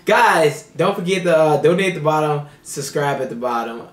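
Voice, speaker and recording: A man's voice: fairly high pitch, animated, normal speed, echoey room, far from the mic. A man hosting a reaction video with his partner, playful and laughing often in casual chat.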